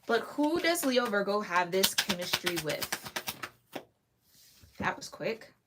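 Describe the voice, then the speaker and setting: A woman's voice: medium pitch, takes it slowly, very noisy. Casting note: woman, solo tarot reader, casual and chatty, frequent giggles. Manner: chatty, giggly, lively asides. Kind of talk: casual tarot reading to camera.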